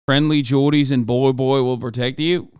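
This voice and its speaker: A man in his thirties hosting a live-stream, reacting to news clips in a loose, profane, excitable way with laughing asides. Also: medium pitch, normal speed, clean tone, no echo, clean studio sound.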